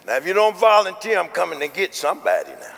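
A man preaches in a high, gravelly voice, pausing for amens and rising into shouts. His words ring out with a long reverberant tail. The delivery is emphatic and repetitive. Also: huge pitch swings, a little hiss or hum. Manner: emphatic, punctuated with frequent amens, building to shouts. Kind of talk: sermon. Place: church.

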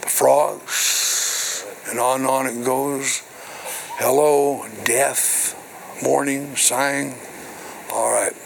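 A man's voice: medium pitch, fairly even intonation, drawn-out words, vocal fry, pauses often, slight background noise, rough recording. An older man, a minister, preaching a sermon to his congregation, reading scripture and then explaining it with call-and-response asides. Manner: call-and-response preaching with repeated "hello" and "right". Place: church.

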